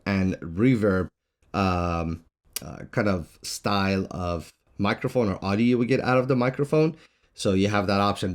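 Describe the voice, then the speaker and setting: A man with a somewhat low voice talks through a product demo. He explains each button and port in a plain, matter-of-fact way, recorded on a shotgun mic. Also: darkish tone. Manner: plain explanatory, pointing out features one by one. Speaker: product reviewer. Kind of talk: casual product demo walkthrough. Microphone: shotgun mic on a stand.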